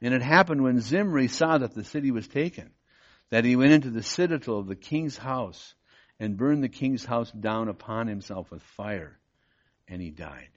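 A man's voice: medium pitch, moderate pace. Man teaching verse by verse, muffled. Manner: reads verses aloud then explains, often asks "Okay?". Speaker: pastor. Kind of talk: Bible teaching. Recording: dull, muffled recording.

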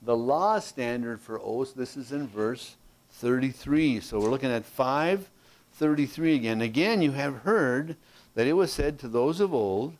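A man's voice: medium pitch, animated, a little slow. A man teaching a verse-by-verse Bible study, explaining passages and often checking in with "okay?", reading verses aloud with rising emphasis.

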